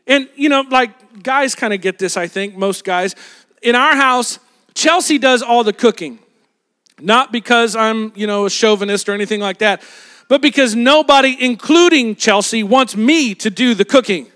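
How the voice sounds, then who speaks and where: A man's voice: very high-pitched, normal speed, pushed and bright. A young man preaching a sermon as a pastor, telling a Bible story in a casual, humorous way and acting out the voices of the people in it.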